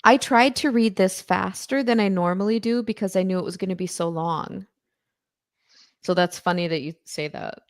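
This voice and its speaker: A woman's voice: medium pitch, moderate pace, no room sound. Woman guest on a stream, chatty, keeps restarting, dry mic no room. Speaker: guest commentator. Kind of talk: casual livestream chat.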